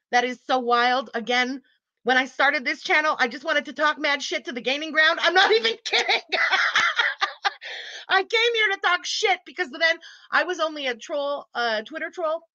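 A woman's voice: high voice, bright, forceful tone, no room sound. A woman hosting a livestream and reading out super chats in casual chat. She laughs often, teases her viewers and swears freely. She talks through a muffled built-in computer mic. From Quebec, Canada.

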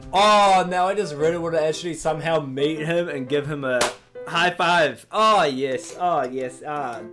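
A young man hosting a comedic reaction video, excitable and joking, often exclaiming and laughing. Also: fairly high pitch, measured pace, over music. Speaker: youtube reaction host.

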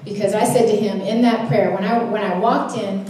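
A woman's voice: medium pitch, steady tone, a little fast, mellow, a little hiss or hum. A young adult woman giving a sermon-style testimony at a church conference, telling her story with humor and acting out her own quotes. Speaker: conference speaker. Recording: very echoey hall, mic from a distance.

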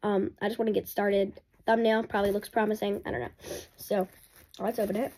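A woman vlogger talking in a rambling, excitable and apologetic way during a casual unboxing. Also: mid-range voice, brisk.

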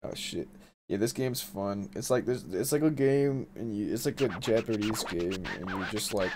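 A man's voice: fairly low pitch, normal speed, slight background noise. A young man giving casual, slangy game commentary on a stream, swearing, laughing and chatting with viewers. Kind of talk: casual let's-play commentary. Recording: loud game music underneath. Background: game music.

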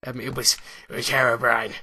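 A man's voice: mid-range voice, gravelly, pushed and bright, husky. A young British man rambling casually as he plays and comments on a building game. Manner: rambling and chatty, thinking aloud while playing. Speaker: gaming channel host. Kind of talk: let's-play commentary.

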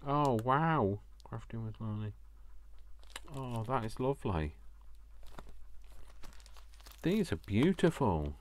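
A man's voice: medium pitch, sing-song, slow, long pauses. A man chatting casually as he unboxes craft gifts, gushing, gasping and talking to himself. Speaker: craft vlogger.

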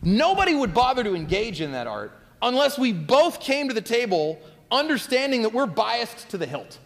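An animated man fields audience questions, speaking in an expansive way with lots of spirited emphasis. His voice sits high and swoops up and down. A long hall reverb trails every phrase. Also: moderate pace, vocal fry. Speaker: guest philosopher answering audience questions. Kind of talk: public Q&A talk. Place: lecture hall at a college event.

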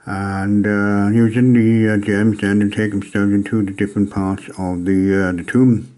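A man from Wales casually reviewing an old tabletop game module, pausing often with ums and uhs as he gathers his thoughts. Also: on the low side, little pitch movement, mellow. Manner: hesitant, many ums and uhs.

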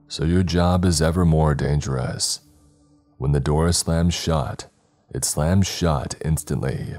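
A man voicing an old male mystic priest who speaks slowly and solemnly in archaic phrasing, for a horror story. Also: extremely low pitch, dark tone. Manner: slow, solemn, archaic speech.

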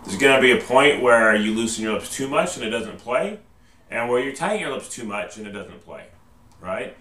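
A man's voice: mid-range voice, lively intonation, normal speed, fairly bright tone. A male band teacher giving a patient step-by-step trumpet lesson, checking in with "okay?" after each step. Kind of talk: instructional video lesson. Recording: roomy echo, distant mic, faint noise.

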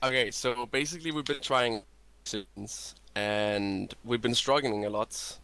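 A man who is a guest in a casual gaming interview and gives relaxed, rambling answers. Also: mid-range voice, a little slow, clean tone, no echo. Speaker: interview guest, esports player.

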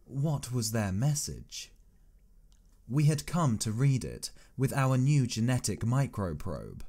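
A man reading a science fiction story aloud as an audiobook, in measured, expressive first-person narration. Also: medium pitch. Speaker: audiobook reader.

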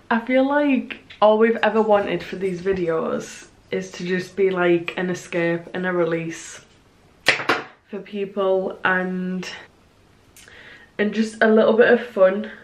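A young woman chatting casually as she narrates her crafting work in a vlog, self-conscious and softly emotional at times. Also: mid-range voice. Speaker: small business artist, vlogger.

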